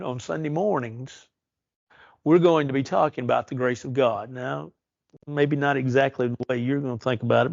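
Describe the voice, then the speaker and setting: A man teaching a church Bible study, earnest and slow on the verses he stresses. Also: medium pitch, vocal fry, darkish tone, no room sound, dull audio. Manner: earnest, reads verses slowly and emphatically.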